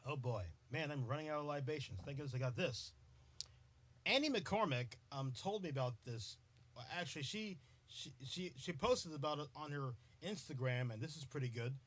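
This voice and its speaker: A man's voice: on the high side, normal speed, a bit bright. A man hosting a live podcast, chatting playfully with commenters and often breaking into giggles. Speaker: podcast host. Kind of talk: casual live-stream chat.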